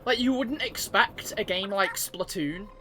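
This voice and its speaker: A man's voice: high-pitched, measured pace, noisy background. A man giving casual let's-play commentary, chatty and hesitant, with lots of "um" and "like" fillers. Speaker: gameplay commentator. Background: game music.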